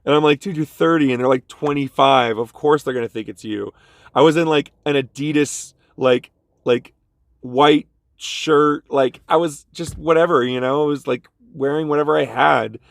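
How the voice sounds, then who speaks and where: A man's voice: a little high, normal speed, gravelly, no room sound, clean studio sound. A man telling a casual story about a bad job to his vlog audience, jumping into the voices of the people in it. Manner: animated, jumps into quoted voices. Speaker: vlogger.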